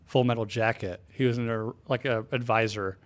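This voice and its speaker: A man's voice: medium pitch, steady tone, moderate pace. A man co-hosting a podcast, telling loose, profane stories in casual chat. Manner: loose, profane, laughing storytelling. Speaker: podcast co-host.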